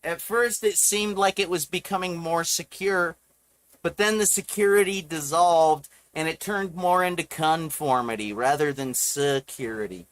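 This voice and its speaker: A woman's voice: fairly low pitch, a little slow. A woman streamer on a livestream, ranting in a heated, profane way. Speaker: live streamer.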